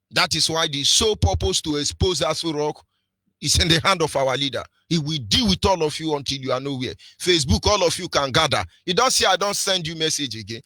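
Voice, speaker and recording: A man with a Nigerian accent delivers fiery political commentary on radio, his voice pitched slightly high and strikingly sharp and forceful. He preaches, hammering rhetorical questions with a sing-song lilt. The sound is close and dry, with no room around it. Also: no room sound. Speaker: radio presenter.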